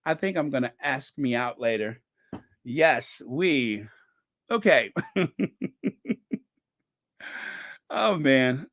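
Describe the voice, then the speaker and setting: A man hosting a casual livestream, reading viewer comments aloud slowly and chuckling between them. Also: mid-range voice, animated, a bit bright, dry recording, clean studio sound. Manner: slow and chatty, reads comments aloud with frequent "let me see" and chuckles. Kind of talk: casual live-chat commentary.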